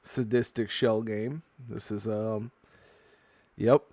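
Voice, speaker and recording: A man with an unhurried, drawn-out delivery chats his way through a box of trading card packs. He reads card text aloud and breaks into loud excitement over good pulls. The voice sits close and dry, with little room sound. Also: on the low side, no echo. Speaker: card-opening video host. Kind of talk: casual unboxing commentary.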